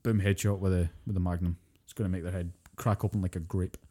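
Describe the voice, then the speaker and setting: A quick-talking man, his voice low and soft-toned. He tells a game's story as a podcast co-host, in casual chat that is full of swearing and acted-out quotes. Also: slightly rough. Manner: animated storyteller, swears freely, acts out quotes. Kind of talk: casual chat about video games.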